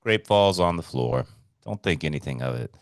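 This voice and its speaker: Male podcast host, low voice, dry close mic, excitable storyteller who swears and repeats himself. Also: moderate pace, no room sound. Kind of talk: casual storytelling chat.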